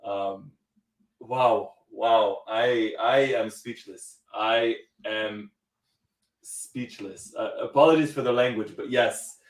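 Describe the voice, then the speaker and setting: A man hosting a live stream, excited and laughing often as he greets viewers and reads out where they are watching from. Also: fairly low pitch, takes it slowly, distant mic. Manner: laughing, elated, reading out viewer locations. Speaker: show host. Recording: roomy echo, a bit off-mic.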